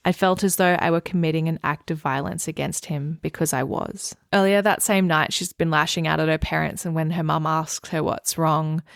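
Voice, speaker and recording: A woman's voice: fairly low pitch, creaky, no room sound, studio quality. A woman co-hosting a book podcast, talking earnestly and reading passages aloud. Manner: earnest, reads quoted passages softly. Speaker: podcast co-host. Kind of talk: casual book discussion with read-aloud passages.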